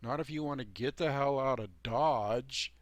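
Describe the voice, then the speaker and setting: On his own channel, a man with a mid-range voice, speaking a little slowly, lectures about life in a rambling way. His delivery is emphatic and folksy, loaded with "you know" and "man," and laced with sarcasm. There's no echo.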